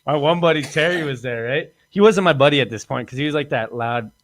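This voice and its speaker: A fast talker with a slightly high, somewhat bright voice, this man hosts a podcast. His crude stories meander, and he laughs frequently while acting out quoted lines.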